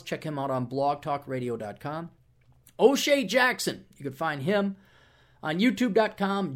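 A man hosting his own podcast, giving shout-outs and opinionated commentary in a rambling, casual way. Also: fairly high pitch. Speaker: podcast host.

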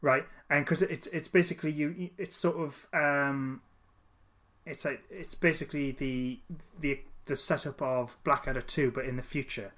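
A man's voice: a little high, steady tone, normal speed, fairly bright tone. A man chatting casually as a podcast co-host, rambling with many restarts and fillers. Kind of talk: casual chat.

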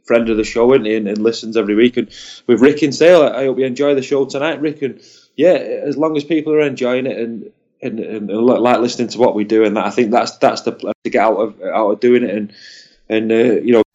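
Easygoing co-host, lo-fi. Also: male voice, mid-range voice, fairly even intonation, fast talker, dark tone. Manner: easygoing, stumbles and repeats words. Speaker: podcast co-host. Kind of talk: casual chat. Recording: dull lo-fi audio.

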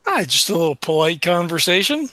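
A man's voice: high-pitched, sing-song, brisk, bright, forceful tone, exaggerated voice. A man playing a suave, flirty adventurer. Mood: flirtatious.

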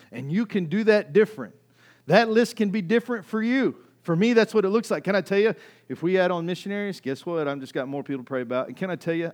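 A middle-aged male pastor preaching a conversational, animated sermon that builds in intensity. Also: on the high side.

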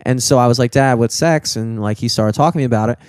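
A man's voice: mid-range voice, fairly even intonation, very fast, a little mellow, dry recording. Young man, casual chat, rambling, profane, filler words, dry close sound.

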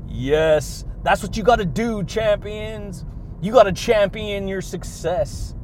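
A man hosting a motivational podcast, talking in an exuberant way, laughing between phrases and leaning on drawn-out catchphrases. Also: sits high, darkish tone, a little hiss or hum. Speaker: podcast host.

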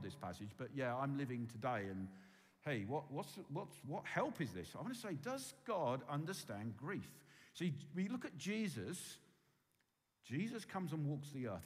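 A man preaching a sermon, swinging from loud emphasis to hushed, quiet tones. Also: a little high. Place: church hall with long reverb. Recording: reverberant hall.

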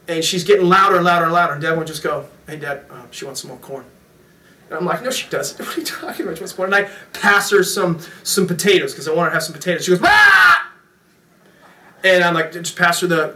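A middle-aged man preaching a sermon as pastor, telling family stories in a joking, animated way. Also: high voice. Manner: storytelling, jokey, animated with impressions. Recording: echoey room, mic from a distance.

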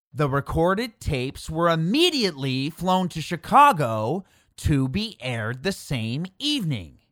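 A narrator who tells history conversationally and talks straight to the listener. The pace is slow and unhurried, while the pitch rises and falls a lot. The recording is dry and close, with no room echo. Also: fairly bright tone. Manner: unhurried, addresses listeners directly.

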